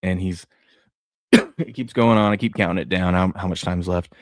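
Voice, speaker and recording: Rambling low-voiced man telling sports stories. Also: moderate pace, no room sound, studio quality. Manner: rambling storyteller, excitable. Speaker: podcast co-host. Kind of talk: casual sports chat.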